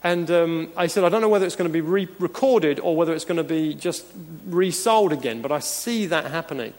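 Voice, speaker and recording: Delivering a sermon as pastor, a man speaks earnestly and emphatically, with occasional chuckles between points. His voice is on the high side and darkish, and he talks a little fast. The recording has the long reverb of a church hall.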